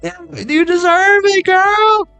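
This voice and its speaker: A man putting on a high, sassy voice as a gushing friend who urges a pampering, stretching out his words. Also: gravelly, pushed and bright, faint music behind, full character voice. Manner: sassy, emphatic, drawn-out.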